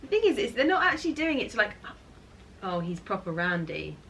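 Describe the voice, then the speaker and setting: A woman in her thirties talks at home in a casual vlog. She gushes and rambles, often hunting for the right word. Faint noise sits underneath her mid-pitched voice. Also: big pitch swings, fairly quick, a bit bright. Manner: gushing, rambling, searches for words. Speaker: lifestyle vlogger. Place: home, indoors.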